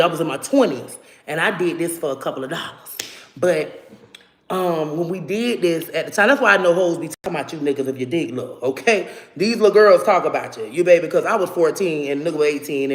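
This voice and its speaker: A woman telling a personal story to her viewers in a casual, animated and profane way. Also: low voice. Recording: roomy echo.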